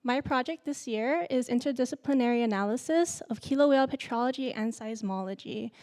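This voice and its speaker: A young woman from Hawaii, giving a nervous, halting student presentation full of fillers. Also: on the high side, darkish tone. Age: young adult. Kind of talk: symposium presentation.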